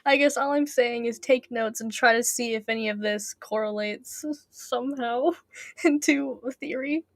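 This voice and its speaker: A woman's voice: fairly high pitch, normal speed, no echo, clean studio sound. A woman reading a fan novel aloud with casual asides, giggling often and tripping over her words. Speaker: audiobook reader.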